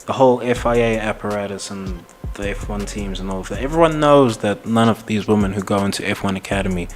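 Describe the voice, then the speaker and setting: A man's voice: fairly low pitch, animated, normal speed, soft background music. Man ranting in casual heated commentary. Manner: rambling, heated, laughing, frequent swearing and restarts. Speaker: podcast host.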